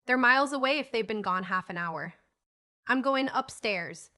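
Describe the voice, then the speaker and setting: Woman doing impulsive little boy, storybook, blurting questions, bright, sharp. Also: a little high, lively intonation, normal speed. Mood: eager. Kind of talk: audiobook character reading.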